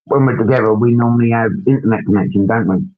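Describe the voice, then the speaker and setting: A man's voice: lowish voice, fast. A man hosting a casual livestream chat. He rambles while he works through tasks on screen and tags his sentences with questions. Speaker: livestream host. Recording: dull lo-fi stream audio.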